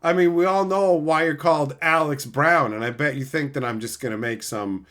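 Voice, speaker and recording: A man's voice: fairly high pitch, moderate pace, a bit bright. A man casually reading live chat on a stream and teasing his chatters in a playful, mock-insulting way.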